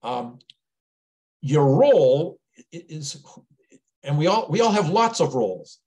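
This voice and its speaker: A man's voice: a little high, very animated, takes it slowly, darkish tone. A man who is a business mentor, presenting a sales webinar in an earnest, conversational way and often repeating words as he thinks aloud.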